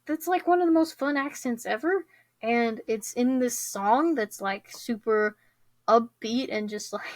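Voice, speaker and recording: A woman's voice: a little high, dry recording. Bubbly giggly young woman podcaster. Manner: bubbly, giggly, lots of fillers and restarts. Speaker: podcast host. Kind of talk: casual solo podcast chat.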